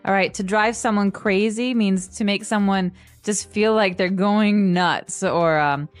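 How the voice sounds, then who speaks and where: A woman co-hosting an English lesson podcast, explaining everyday phrases with examples and acting out sample lines with lively inflection. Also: mid-range voice, unhurried, no echo. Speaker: co-host and English teacher.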